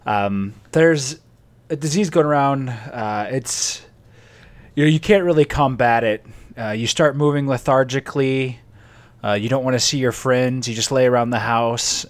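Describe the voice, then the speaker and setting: A man co-hosting a comedy podcast, rambling through mock-serious warnings with laughs and fillers. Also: mid-range voice. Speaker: podcast co-host.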